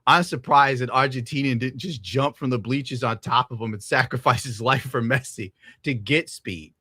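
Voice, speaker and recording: A young man rants to his chat in a loose, profane, animated way, laughing often as he reads donations. His voice is bright and forward. The sound is close and dry, with no room around it. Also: medium pitch, normal speed, breathy edge, no echo. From United States. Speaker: streamer reading donations. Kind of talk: casual rant to chat.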